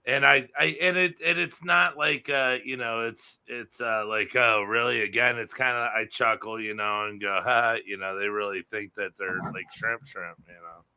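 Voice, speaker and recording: Man, gravelly, bright tone, rambling casual livestream chat, shrimp breeder. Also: medium pitch, fairly even intonation, moderate pace, few pauses. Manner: rambling, many restarts and fillers.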